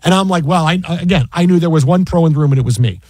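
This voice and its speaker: Man host, casual storytelling; quick, exasperated, fairly high voice, dry sound. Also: husky, no echo. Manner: animated, exasperated retelling with many restarts.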